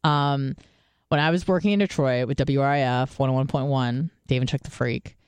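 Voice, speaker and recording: A woman co-hosting a radio talk show, telling stories in a candid, profane way with many fillers and restarts, and jumping much higher when she quotes people. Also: steady tone, moderate pace, darkish tone, clean tone, no room sound. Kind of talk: casual chat, storytelling.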